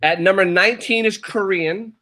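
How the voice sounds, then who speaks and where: A man's voice: high-pitched, moderate pace. A man on a casual live show, steadily reading out a ranked countdown between bits of chatter. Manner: steady, announcing list entries between chatter. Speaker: co-host reading a ranked list.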